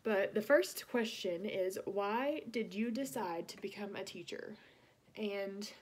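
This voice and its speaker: A woman's voice: medium pitch, takes it slowly, husky. Nervous, breathless young woman. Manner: earnest, nervous. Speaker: teaching program applicant. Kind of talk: video application answers, partly prepared.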